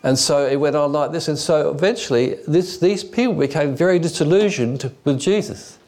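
A man's voice: fairly high pitch, moderate pace, darkish tone. A male preacher giving an expository sermon, telling stories along the way with frequent restarts and fillers.

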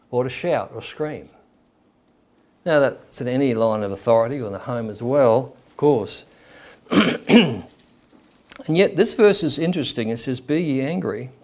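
A man with a medium-pitched, slightly mellow voice delivers a sermon conversationally, acting out the people he quotes.

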